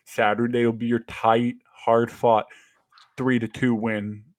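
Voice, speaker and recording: A man co-hosting a casual sports podcast, excitable and profane, acting out his own reactions. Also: mid-range voice, takes it slowly. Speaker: podcast co-host.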